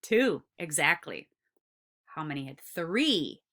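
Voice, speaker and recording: A woman teaching a recorded lesson to kindergartners. She speaks slowly with a bright, lively voice that swoops up and down. Her tone stays encouraging and drawn out for young listeners. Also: low voice. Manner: slow, encouraging, drawn-out words for children.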